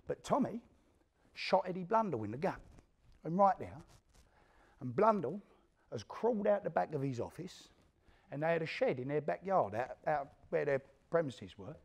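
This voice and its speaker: A man's voice: fairly high pitch, gravelly. A man playing an East End career criminal in a one-man stage play, telling his violent story in coarse, swearing East London street talk and acting out what others said. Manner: animated storyteller who acts out the quotes of others. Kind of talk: theatrical monologue to a live audience.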